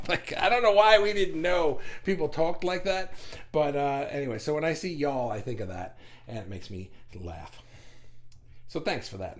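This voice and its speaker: A middle-aged man from New York hosting a livestream in a fast, rambling and animated way, reading viewer comments aloud. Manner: fast, animated and rambling, with big pitch jumps. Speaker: group host reading comments. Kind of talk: casual livestream chat.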